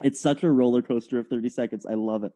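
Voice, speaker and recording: Żartobliwy mężczyzna o ciepłej barwie. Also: male voice, medium pitch, fairly even intonation, warm tone, a little hiss or hum. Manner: teasing, quick with jokes. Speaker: podcast co-host. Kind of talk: casual chat.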